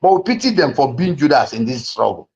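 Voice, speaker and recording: A man's voice: mid-range voice, big pitch swings, fairly quick, a little mellow. A man giving an impassioned, repetitive speech to an online audience, with frequent fillers and restarts. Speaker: speaker on a live audio space. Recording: muffled lo-fi online audio.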